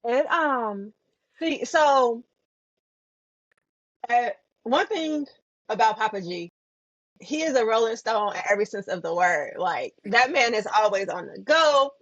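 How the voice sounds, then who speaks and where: Young woman, slightly high voice, dry dull sound. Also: a little slow, pauses often, no room sound. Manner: lively, laughing, fillers like "um" and "like". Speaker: podcast co-host. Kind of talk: casual storytelling chat.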